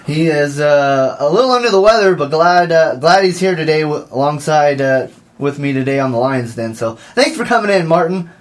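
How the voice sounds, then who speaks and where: A young man hosting a college sports radio show from a small campus office, energetic and quick to laugh. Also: fairly high pitch. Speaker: host.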